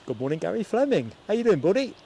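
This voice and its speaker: A man's voice: high-pitched, very animated, quick pace, creaky, mellow, a little hiss or hum. A man from the United Kingdom hosting a live stream outdoors at an airport, chatting casually, laughing easily and greeting viewers by name.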